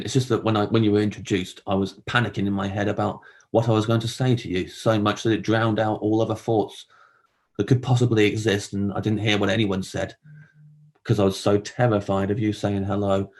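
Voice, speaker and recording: A man performing a rambling, self-deprecating stand-up monologue, often jumping up high to act out other people. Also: little pitch movement, a little fast, darkish tone. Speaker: comedian.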